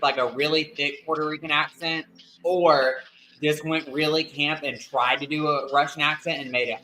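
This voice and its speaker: Bright, chatty male podcast co-host. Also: on the high side, a little hiss or hum, low-quality recording. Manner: chatty, giggly. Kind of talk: casual chat.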